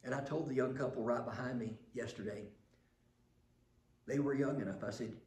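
Older pastor preaching in a roomy hall. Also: male voice, medium pitch, moderate pace, pauses often. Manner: warm storytelling, building to emphatic passages. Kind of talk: sermon.

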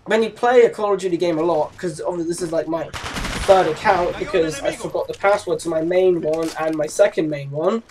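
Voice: medium pitch, a little fast. A teenager in their late teens with an English accent, giving rambling, chatty gameplay commentary with giggly asides. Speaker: gaming channel host.

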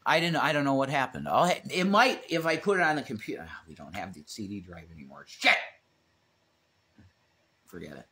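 A man's voice: mid-range voice, sing-song, brisk, sharp tone. A man co-hosting a casual livestream, rambling, swearing freely and reading chat comments aloud. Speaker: livestream co-host.

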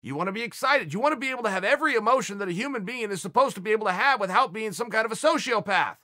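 A man's voice: sits high, lively intonation, rapid-fire, bright, forceful tone, no room sound, studio quality. A man giving a blunt, emphatic motivational speech, swearing now and then for emphasis. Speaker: motivational speaker.

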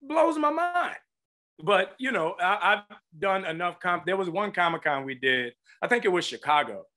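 Man, higher-pitched voice, bright and forceful, lively storytelling, interview guest. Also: normal speed. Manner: lively, laughing storyteller who acts out voices. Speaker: guest actor. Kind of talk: animated anecdote telling.

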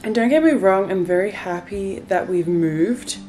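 A young woman vlogging to her viewers from a bright white bedroom, talking candidly and a little wearily as if on a casual video chat. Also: mid-range voice, unhurried. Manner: tired, candid and rambling. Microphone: phone camera, close. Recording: faint guitar music underneath.

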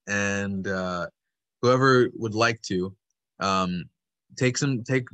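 A man's voice: on the low side, a bit bright, dry recording. A man instructing an online puppetry workshop over a video call, patient and encouraging as he explains step by step.

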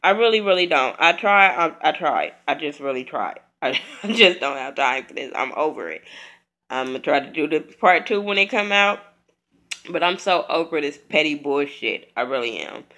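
A woman's voice: deep voice, expressive, normal speed, bright, forceful tone. A woman vlogger, sick, giving a blunt, profane, chatty review. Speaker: vlogger reviewing a reality show. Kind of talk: casual spoken review.

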